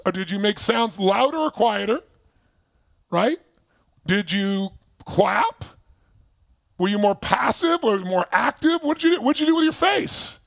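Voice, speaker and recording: A man leading a live seminar over video call as a motivational speaker, energetic and emphatic, prodding his audience with constant "right?". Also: high voice, creaky, no echo.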